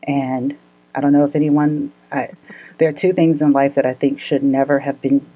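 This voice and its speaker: A woman's voice: rumbling low, level tone, moderate pace, narrow, tinny audio. A woman co-hosting a casual podcast, telling a story earnestly and laughing often.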